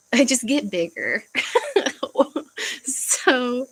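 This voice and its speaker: Young woman, casual home livestream host, halting delivery with fillers and sighs. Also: fairly high pitch, lively intonation, a bit bright, slight background noise, low-quality recording. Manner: halting, searching for words, frequent fillers and sighs. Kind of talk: casual livestream chat reading comments.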